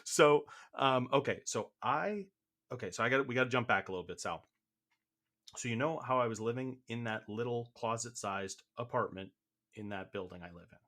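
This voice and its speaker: A young man co-hosts an improvised comedy podcast, rambling, laughing, and frequently cutting himself off while sounding a bit out of breath. His voice is medium-pitched, a little bright, at normal speed.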